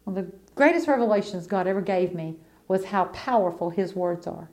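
A middle-aged woman preaches a sermon in a folksy, colloquial style, with a lowish voice and a fairly quick pace. She repeats key lines and shifts between hushed storytelling and fervent preaching.

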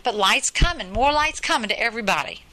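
A woman's voice: a little high, lively intonation, quick pace, bright, forceful tone, a little hiss or hum, poor audio. A woman preaching a sermon in an earnest, emphatic way, often repeating her phrases.

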